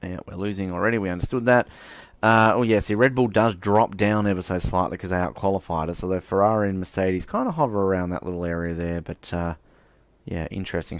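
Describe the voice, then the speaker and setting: A young man giving casual, chatty commentary over his racing game career, swearing now and then and getting excited at the starts. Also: low-pitched, brisk, no echo. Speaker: gaming channel host. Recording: game engine noise behind voice.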